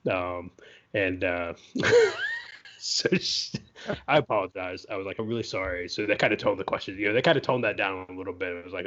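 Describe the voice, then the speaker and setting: In lo-fi audio, a low-pitched man co-hosting a podcast spins a casual story. His telling is loose and conversational, sprinkled with "you know" and "right?"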